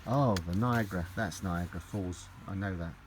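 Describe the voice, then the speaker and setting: Unboxing parcels on camera, this middle-aged male collector keeps up a casual, effusive, rambling chatter that repeats itself a lot. He speaks at normal speed in a low-pitched voice, with background noise present.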